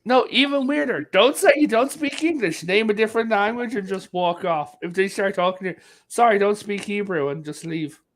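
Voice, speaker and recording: A man's voice: high-pitched, a little fast, hardly any pauses. A man from Europe in a casual chat, telling funny stories and acting out the quotes, laughing often. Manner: animated storyteller, acts out quotes, laughs often.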